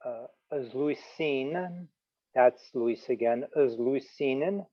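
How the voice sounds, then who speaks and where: Halting, slow-talking man reading in class. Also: medium pitch, highs cut off. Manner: hesitant, halting, stumbles on words. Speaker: student.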